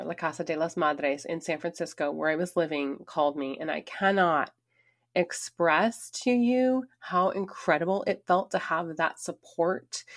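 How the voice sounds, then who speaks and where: A woman in middle age tells her own story aloud, earnest and emphatic. Her voice sits a little low, and her pace speeds up and slows down as she goes. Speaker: speaker sharing her story. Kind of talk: personal storytelling talk.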